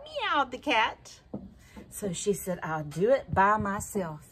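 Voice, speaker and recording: A woman telling a story to children in an animated way, often asking the listeners questions. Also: mid-range voice, unhurried, husky. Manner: lively, animated storytelling with asked questions to kids.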